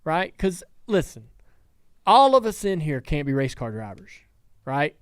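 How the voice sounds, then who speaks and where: A man's voice: a little high, sing-song, unhurried, clear, resonant tone, no echo. A man hosting a casual studio talk show, telling rambling stories with many restarts. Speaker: podcast host and team owner. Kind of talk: casual chat.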